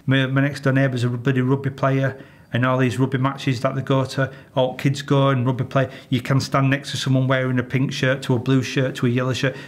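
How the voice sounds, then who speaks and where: A man with a Yorkshire accent, a retired police officer telling stories in an interview, blunt and exasperated, swearing freely. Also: medium pitch. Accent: Yorkshire English. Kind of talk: candid interview storytelling.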